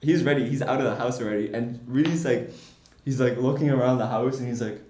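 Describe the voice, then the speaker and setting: A young man co-hosting a podcast, telling a story in a casual, animated, swearing way and laughing as he goes. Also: medium pitch, fast talker. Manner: animated, profane, laughs while telling stories. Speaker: podcast co-host. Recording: echoey room.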